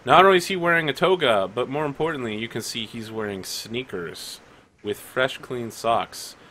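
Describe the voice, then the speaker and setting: A man running a tabletop game, narrating in a loose, rambling way full of fillers. His voice is bright and clear, at an ordinary middle pitch. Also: normal speed. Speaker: game master.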